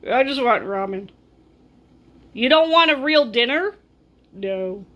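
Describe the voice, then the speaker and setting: A woman voicing a stubborn houseguest who mumbles flat, sulky demands. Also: a little high, takes it slowly. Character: stubborn, childish adult male houseguest.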